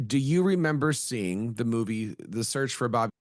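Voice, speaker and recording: A middle-aged male educator in a podcast interview, with a mid-pitched voice recorded close and dry. He tells anecdotes and slips into the voices of the people he quotes. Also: expressive, moderate pace, no room sound. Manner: storytelling, acts out quoted voices. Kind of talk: conversational interview.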